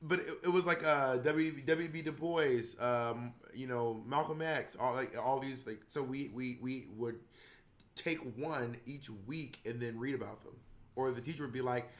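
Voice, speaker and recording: A man co-hosting a podcast in casual chat, animated and laughing, often acting out voices. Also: mid-range voice, normal speed. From not from New York. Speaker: podcast co-host.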